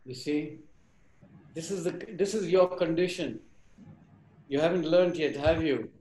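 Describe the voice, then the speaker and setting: A man leading a live workshop tells a fable to his group, with a voice a touch higher than most men's. He slips into voices for the animals and keeps stopping to quiz his listeners. The room around him is echoey. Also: a little slow. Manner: animated, acts out characters, quizzes the audience. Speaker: workshop speaker.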